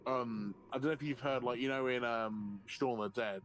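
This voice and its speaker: A man's voice: mid-range voice, moderate pace, slight background noise, rough recording. A man, a guest on a live stream, casually telling a story, swearing freely and acting out what people said. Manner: animated and sweary, acting out quotes and laughing often.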